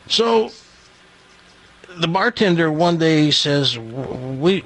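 A man's voice: fairly high pitch, a little slow, a bit bright. A middle-aged man hosting a radio show, telling a rambling joke and doing a live ad read in a chatty way. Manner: chatty, rambling, chuckling at his own jokes.

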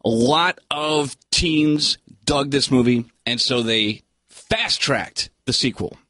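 A male film critic talks through a movie with animated, swooping pitch and a slightly husky edge. He is blunt and sarcastic. The sound is dry and close. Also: dry recording. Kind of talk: casual radio chat.

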